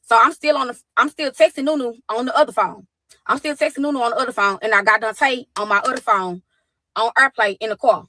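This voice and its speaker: A woman telling a tense story about her daughter, quoting texts and calls in a fast, profane way. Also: on the high side, sharp tone, a little hiss or hum, poor audio. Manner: fast, profane retelling with quoted dialogue. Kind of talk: animated storytelling.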